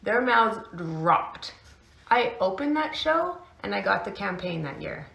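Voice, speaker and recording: Gravelly-voiced woman in an echoey room. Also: medium pitch, very animated, unhurried, fairly bright tone. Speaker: fashion model. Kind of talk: casual storytelling to camera.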